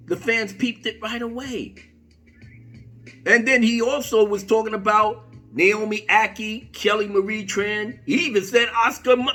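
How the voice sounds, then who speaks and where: High, bright, profane ranting man. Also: slightly rough. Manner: profane, animated, slangy. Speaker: video commentator. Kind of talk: unscripted rant commentary.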